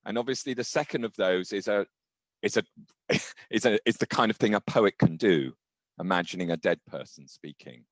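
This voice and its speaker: A man's voice: fairly low pitch, moderate pace, no room sound. A middle-aged male professor moderating a panel, asking questions in a hesitant, searching way. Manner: hesitant, searching phrasing with restarts.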